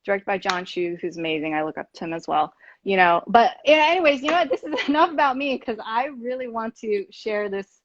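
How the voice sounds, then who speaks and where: A woman's voice: fairly high pitch, lively intonation, brisk. A woman hosting a podcast, talking earnestly in casual conversation with many fillers and restarts. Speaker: podcast host. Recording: dull muffled sound, dry.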